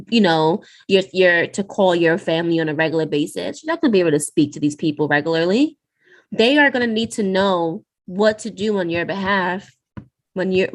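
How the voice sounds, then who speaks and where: A woman's voice: fairly low pitch, expressive, moderate pace. A woman co-hosting a podcast in casual conversation, earnest and urging, with a few restarts. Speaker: podcast co-host.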